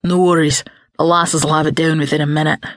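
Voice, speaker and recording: A young hero talks fast and wry, unbothered and a little low, as a woman narrator voices him. The read is close and dry, an audiobook booth sound. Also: flat delivery, no echo, natural voice. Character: young male immortal hero, brisk and wry.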